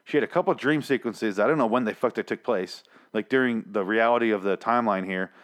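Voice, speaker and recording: A man's voice: lowish voice, fast. Profane, exasperated man ranting. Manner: profane, exasperated, acts out characters in mocking voices. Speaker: TV episode reviewer. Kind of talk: casual recap rant.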